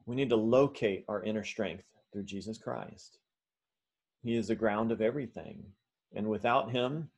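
A male pastor preaching a sermon in an animated way, with fillers and restarts. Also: fairly low pitch, slightly rough.

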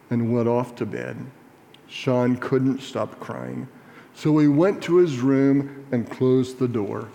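A man reading a personal memoir aloud in a measured, earnest storytelling manner, in a reverberant room. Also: mid-range voice, dark tone. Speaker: reader. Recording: reverberant hall.

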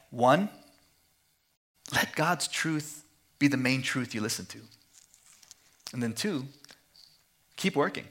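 A man preaching a sermon at a missions conference, passionate and rhythmic, repeating phrases and dropping to hushed tones. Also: medium pitch. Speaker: guest preacher.

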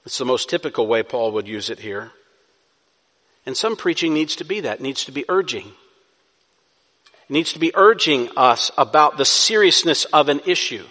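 A man preaching a sermon as pastor, moving between soft, pleading passages and loud, urgent exhortation. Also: a little high, lively intonation, moderate pace, big-room sound.

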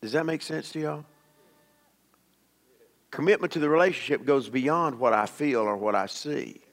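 A man's voice: fairly high pitch, moderate pace. A male pastor preaching a sermon to a church congregation, emphatic and repeating key phrases.

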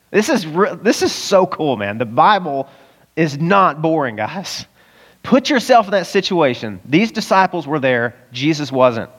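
Lively preaching man in a reverberant hall. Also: on the high side. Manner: animated, acts out voices of Bible characters, chuckles often. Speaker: pastor. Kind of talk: conversational sermon. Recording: long reverb of a church hall.

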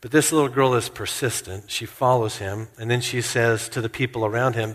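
A man preaching a sermon in a church, earnest and slowing down to stress key points. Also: mid-range voice, fairly even intonation, a bit bright, big-room sound. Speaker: pastor.

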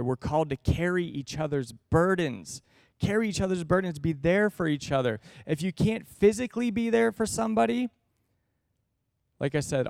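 Earnest, smooth-voiced male preacher. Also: a little high, no room sound, clean studio sound. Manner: conversational, earnest, acts out everyday exchanges. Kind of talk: sermon.

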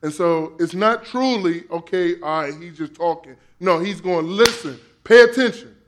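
A man's voice: on the high side, moderate pace, noisy background. A man preaching a sermon in a conversational, playful way, using slang and acting out quoted voices. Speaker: pastor.

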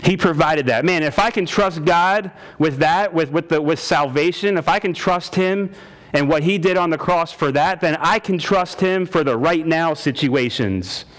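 A man's voice: fairly high pitch, moderate pace, fairly bright tone. A male pastor preaching a sermon, stressing points by repeating them and addressing listeners as "guys". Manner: emphatic preacher, repeats lines for stress, says "man" and "guys".

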